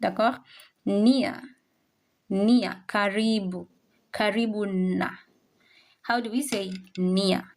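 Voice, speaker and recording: Woman, French teacher, unhurried, repeats each word for learners. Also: medium pitch, fairly even intonation. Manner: slow, repeats words for learners to copy. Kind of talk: classroom language lesson.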